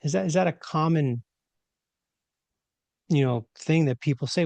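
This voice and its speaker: A man's voice: on the high side, vocal fry, darkish tone, dry recording. A man co-hosting a casual podcast, who talks in a rhetorical way, asking questions and acting out what people say. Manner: rhetorical, asks questions, quick asides. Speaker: podcast co-host.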